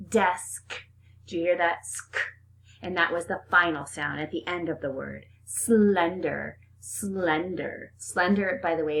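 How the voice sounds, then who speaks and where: A woman's voice: lowish voice, a little hiss or hum. A woman teacher leading a phonics lesson for young children, upbeat and sing-song, stretching out the sounds.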